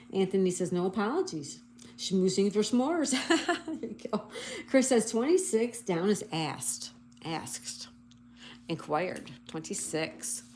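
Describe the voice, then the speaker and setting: A woman hosting a casual livestream, reading viewer comments and slowly spelling out crossword answers letter by letter. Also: medium pitch, a little mellow, slight background noise. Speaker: livestream host.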